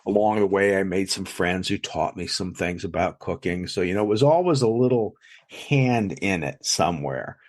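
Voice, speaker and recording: Low-voiced chatty chef guest. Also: male voice, normal speed. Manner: rambling and chatty, with frequent fillers and self-restarts. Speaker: chef and food blogger, guest. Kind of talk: casual storytelling in an interview. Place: lives in South Jersey.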